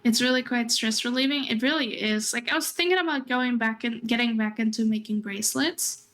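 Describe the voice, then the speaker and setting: A woman's voice: fairly high pitch, a little fast, fairly bright tone. A young adult woman streaming, chatting casually and rambling, often laughing as she talks. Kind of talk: casual chat.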